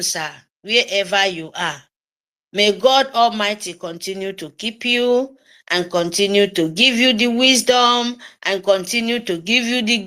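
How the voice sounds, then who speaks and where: A woman's voice: mid-range voice, sharp tone. A woman with a Nigerian English accent mixed with Pidgin, giving a fervent, scolding political monologue and repeating phrases for emphasis.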